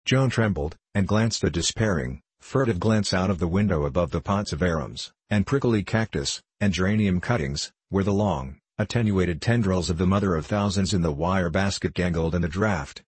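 A man narrating an audiobook in a measured, formal storytelling manner. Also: low voice, slightly rough, no room sound.

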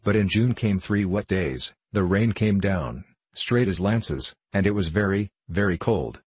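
A man narrating a classic children's story in a measured storytelling manner. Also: deep voice, slightly rough, dry recording. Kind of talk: audiobook narration.

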